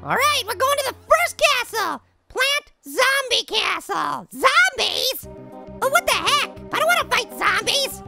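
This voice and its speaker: Little Apple, squeaky cocky cartoon apple. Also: male voice, sing-song, unhurried, exaggerated voice. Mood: playful. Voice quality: squeaky, gravelly high voice. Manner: brash, jokey trash talk with slangy rhymes. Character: tiny cocky boastful boy apple. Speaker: game-playing cartoon character. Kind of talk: let's-play commentary in character. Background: game music.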